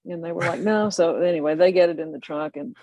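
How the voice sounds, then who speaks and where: An older person telling a family story in a lively way, often laughing and acting out the others. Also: medium pitch, fast talker, no room sound. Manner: animated, laughing anecdote telling. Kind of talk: oral history storytelling.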